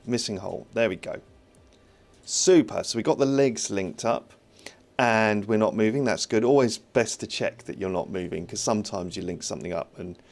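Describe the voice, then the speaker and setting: A man's voice: lowish voice, gravelly, a little mellow. A man streaming live as he builds his own game, chatting, reading viewer comments and thinking aloud with a self-mocking humour.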